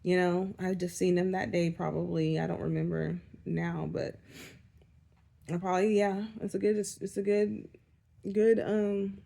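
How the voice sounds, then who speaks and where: A woman's voice: on the low side, little pitch movement, measured pace, creaky, dark tone. A young woman giving a casual spiritual energy update, talking candidly and rambling, with frequent swearing and self-directed laughter. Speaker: spiritual vlogger.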